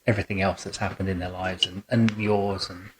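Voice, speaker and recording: A man's voice: deep voice, level tone, fairly quick, noisy background. Chatty male photographer host. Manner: warm, rambling, chatty with many restarts and fillers. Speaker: boudoir photographer and podcast host. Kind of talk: relaxed conversational interview. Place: photo studio.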